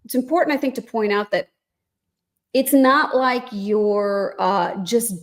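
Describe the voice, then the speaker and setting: A woman's voice: fairly high pitch, measured pace. A woman co-hosting a podcast, speaking in an earnest, reflective and affirming way. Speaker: podcast co-host. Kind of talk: casual chat.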